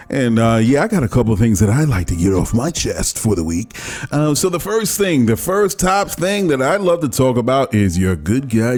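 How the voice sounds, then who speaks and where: Male podcast host, casual monologue, very lively pitch, faint music under. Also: moderate pace. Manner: animated, laughing, mock voices of others. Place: home.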